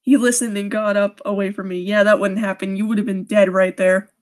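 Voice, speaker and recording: A woman's voice: mid-range voice, flat delivery, brisk, darkish tone. A young woman reading a creepy story on a live stream, often breaking off to laugh and make sarcastic jokes about the writing.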